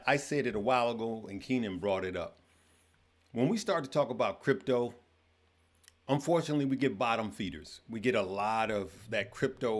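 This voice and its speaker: A man hosting a casual live stream, greeting viewers by name and chatting loosely with frequent fillers. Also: on the low side. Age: adult with children. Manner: greets viewers by name, stumbles over names. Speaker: livestream host. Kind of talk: casual livestream chat.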